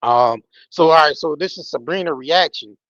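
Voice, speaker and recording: A man with a slightly high voice hosts a live stream in loose, slangy commentary. He talks emphatically and swears freely. The sound is dull and dry, with a lo-fi edge. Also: moderate pace, a bit bright, no room sound. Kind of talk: casual live-stream commentary reading social posts.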